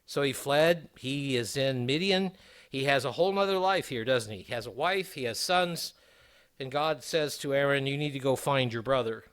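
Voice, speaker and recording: A man's voice: mid-range voice, animated, normal speed, fairly bright tone, smooth. A middle-aged man preaching a sermon, reading scripture aloud and adding conversational asides. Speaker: pastor.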